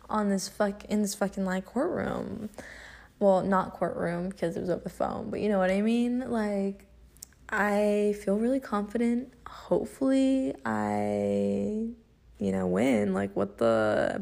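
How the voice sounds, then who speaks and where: A woman's voice: mid-range voice, vocal fry, darkish tone. A young woman hosting a casual podcast, telling stories in a chatty way, swearing often and laughing as she goes. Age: young adult. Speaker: podcast host.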